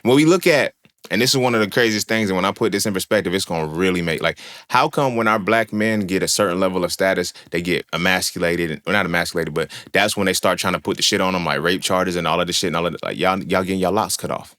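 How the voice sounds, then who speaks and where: A man's voice: low voice, fast, a bit bright. A young man hosting a podcast, talking in a casual monologue, slangy, profane and emphatic as he tells stories. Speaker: podcast host.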